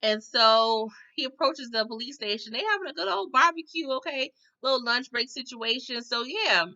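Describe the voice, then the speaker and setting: A woman's voice: sits high, animated, normal speed, sharp tone, highs cut off. A woman giving a casual, chatty recap of a TV episode. She acts out the characters' lines and keeps tagging her sentences with "okay?". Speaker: TV recap host.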